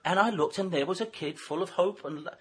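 A man from England tells story after story in a quick, animated patter full of fillers and restarts. His voice is bright and slightly husky, and he rattles along at speed. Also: high-pitched. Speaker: broadcaster telling anecdotes. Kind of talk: casual storytelling chat.

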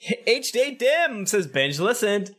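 A man's voice: high voice, big pitch swings, unhurried, a bit bright. A man co-hosting a podcast, reading out listener reviews in a playful, joking way. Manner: playful, gives quotes silly voices. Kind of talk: casual banter, reading reviews aloud.

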